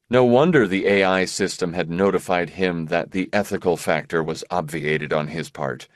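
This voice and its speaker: A man narrating an audiobook in a measured, expressive reading voice. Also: deep voice, no room sound, clean studio sound. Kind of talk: scripted narration.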